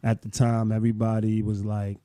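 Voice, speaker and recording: A man in his late thirties, co-hosting a podcast, telling a story in a relaxed, rambling way full of "you know". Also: fairly low pitch, fairly quick, no room sound, studio quality. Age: late 30s. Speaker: podcast co-host. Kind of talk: casual storytelling chat.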